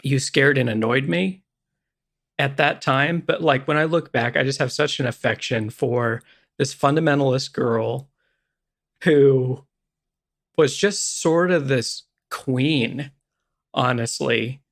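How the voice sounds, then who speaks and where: A man's voice: mid-range voice, slow, vocal fry. A man co-hosting a podcast, telling a rambling, self-deprecating story in casual chat. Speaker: podcast co-host.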